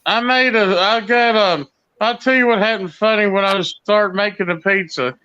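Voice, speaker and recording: A man with a high, bright, clear voice chats casually on a live stream. He talks haltingly, full of fillers and restarts. The sound is dull and lo-fi. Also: a little hiss or hum. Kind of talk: casual chat.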